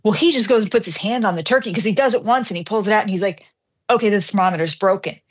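A middle-aged woman hosts a radio show and tells her story in a chatty, animated voice. Her pitch sits in an ordinary middle range. She jumps into the quoted lines and pokes fun at herself. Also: rapid-fire, husky. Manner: animated, self-deprecating, acts out dialogue. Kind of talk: casual on-air storytelling.

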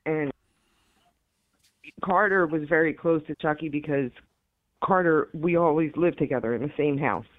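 A woman's voice: sits low, normal speed, pauses often. A middle-aged woman talking as a guest caller in an interview, rambling and quoting her family. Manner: rambling, repeats herself, quotes family members. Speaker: grieving mother, guest caller. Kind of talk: emotional interview talk. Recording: tinny phone line, dry.

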